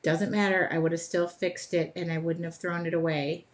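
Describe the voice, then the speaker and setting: A woman's voice: on the low side, little pitch movement, normal speed. A woman hosting a live drawing session from her art studio, chatting in an upbeat, self-deprecating way while she draws. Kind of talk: casual live demonstration.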